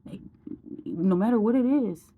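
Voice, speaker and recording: A woman's voice: mid-range voice, lively intonation, moderate pace, narrow, tinny audio. A woman in her forties talking straight to camera in a candid personal vlog, blunt and emotional, swearing casually. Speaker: vlogger.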